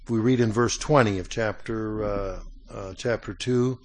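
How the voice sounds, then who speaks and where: Man preaching, conversational, clears throat. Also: lowish voice, fairly even intonation. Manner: reads scripture aloud slowly. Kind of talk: sermon.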